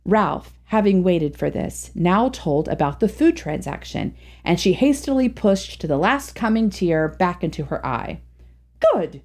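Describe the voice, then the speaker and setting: A woman's voice: lowish voice, sing-song, a little slow, darkish tone. A woman reading a classic humorous short story aloud as a storyteller, narrating expressively.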